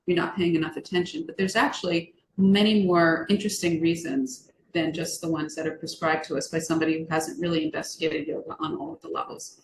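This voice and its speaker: A woman from the United States, a yoga teacher, leading a relaxed and chatty class on a video call and asking the group questions. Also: low-pitched, brisk, few pauses. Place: room on a video call meeting. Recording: echoey room, faint background hiss.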